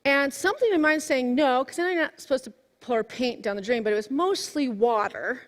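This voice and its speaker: Animated woman preaching in a reverberant hall. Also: sits high, brisk. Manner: animated storytelling, swinging from hushed to exclaiming. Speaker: minister. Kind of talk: sermon. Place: church sanctuary.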